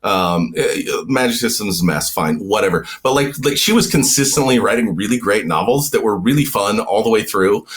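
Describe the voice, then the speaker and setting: Stammering, animated male novelist. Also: moderate pace, hardly any pauses. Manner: stammers, repeating words in bursts; animated, swinging pitch up and down. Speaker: novelist guest. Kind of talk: casual podcast conversation.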